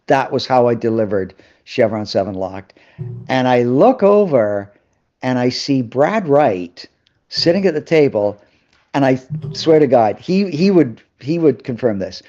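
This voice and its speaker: As a guest on a live interview show, a man tells stories with lots of energy, acting out the voices of the people involved. His pitch is mid-range and his delivery unhurried. The audio sounds a little dull and lo-fi, like it's coming through a video call.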